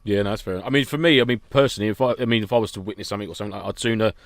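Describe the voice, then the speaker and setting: A man's voice: on the low side, racing, no echo. A British man hosting a podcast, rambling in slang and mocking himself. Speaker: podcast host. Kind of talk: casual podcast chat.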